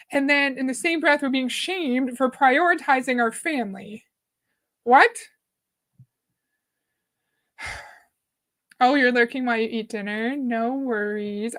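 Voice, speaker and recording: A woman's voice: high-pitched, a bit bright. A woman hosting a live reaction stream, chatting casually, greeting viewers by name and reading their comments aloud. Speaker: livestream host.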